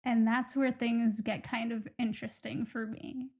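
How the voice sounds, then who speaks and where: A woman's voice: a little high, flat delivery, unhurried, darkish tone, breathy edge. A woman co-hosting a podcast who speaks hesitantly and keeps searching for her words in a casual conversation. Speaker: podcast co-host.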